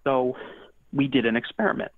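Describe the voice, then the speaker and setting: A man's voice: medium pitch, animated, normal speed, no echo. A man as a paranormal investigator guest, talking casually and rambling, with many restarts and fillers. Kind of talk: casual interview talk. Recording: tinny phone-like line.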